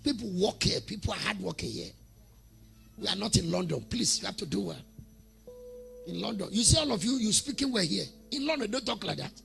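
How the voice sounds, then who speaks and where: A Nigerian man preaching with a high, gravelly, bright voice. He tells jokey stories and mimics people before shouting prayer lines for the crowd to repeat. Music plays faintly behind him. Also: expressive, fairly quick. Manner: humorous storytelling, mimics congregants, laughs often. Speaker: prophet preaching. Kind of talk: sermon.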